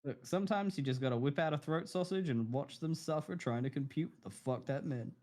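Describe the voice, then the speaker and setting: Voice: mid-range voice, brisk, darkish tone. A co-streamer chatting casually and joking, laughing often.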